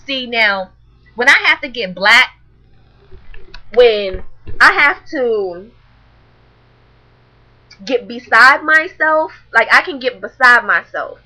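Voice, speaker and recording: A young woman vlogging, telling a story to camera in a blunt, animated, profane way. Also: on the high side, slow pace, long pauses, rough recording.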